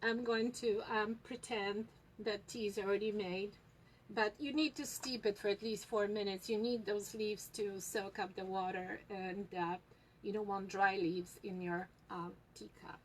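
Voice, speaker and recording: A woman giving a casual tutorial, speaking with many pauses and fillers. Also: medium pitch, steady tone, a little hiss or hum, poor audio. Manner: unhurried, hesitant with many fillers. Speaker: tea reading instructor.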